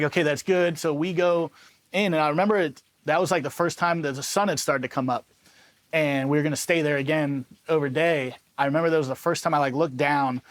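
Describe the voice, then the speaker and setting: A man in his thirties from Los Angeles, a former soldier telling war stories in a loose, casual way, full of filler words and quick laughs. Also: a little high. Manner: loose and conversational, full of "like" and "you know what I mean", laughs often. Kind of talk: casual first-person storytelling.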